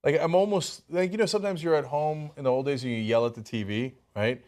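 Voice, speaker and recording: A man hosting a political talk show, giving animated and worked-up commentary. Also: a little high, quick pace.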